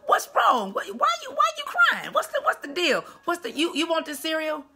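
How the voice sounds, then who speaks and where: A woman voicing a friendly man who coaxes a crying little boy in a squeaky, playful, sing-song voice. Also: wildly swooping pitch, normal speed, gravelly, sharp tone, exaggerated voice. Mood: coaxing.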